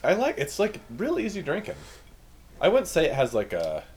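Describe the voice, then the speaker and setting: A man's voice: fairly high pitch, huge pitch swings, moderate pace, a little mellow, breathy edge. A man co-hosting a casual podcast chat, joking and laughing easily. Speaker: podcast co-host. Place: Chicago area.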